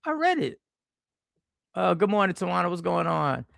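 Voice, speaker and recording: Animated, gravelly man hosting a livestream. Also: high voice, moderate pace, no echo, clean studio sound. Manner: animated, slangy, reacts to chat with sudden exclamations. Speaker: livestream host. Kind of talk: casual livestream chat reading comments. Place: airport.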